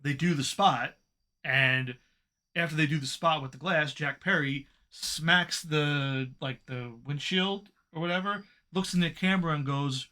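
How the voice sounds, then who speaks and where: A man co-hosting a casual wrestling podcast, talking in an animated way and swearing as he vents. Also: on the high side, measured pace. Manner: animated, swearing, venting frustration. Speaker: podcast co-host.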